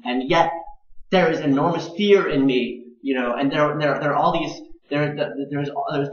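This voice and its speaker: A man's voice: fairly high pitch, a bit bright. A young man who stutters, repeating words and syllables with many fillers, talking earnestly in a personal video blog. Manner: earnest, grows more intense as he speaks. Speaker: video blogger. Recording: roomy, dull home camera sound.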